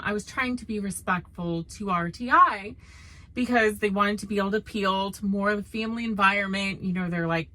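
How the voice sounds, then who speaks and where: A woman's voice: medium pitch, bright, forceful tone, poor audio. A woman with a Southern US accent, a trucker vlogger talking bluntly and candidly to her viewers. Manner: blunt, candid, says y'all. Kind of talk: casual chat to camera.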